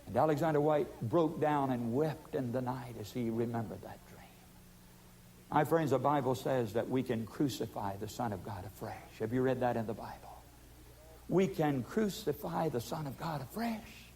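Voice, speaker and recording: A man preaching a sermon, pleading with emphatic force and then dropping to hushed tones. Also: mid-range voice, animated, normal speed.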